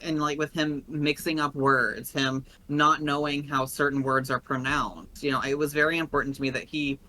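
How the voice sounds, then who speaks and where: A man's voice: a little high, level tone, normal speed, sharp tone, rough recording. A man from Tennessee with a Tennessee accent, a guest player chatting earnestly and rambling a little on a podcast. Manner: earnest, rambling, openly emotional. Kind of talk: casual podcast chat.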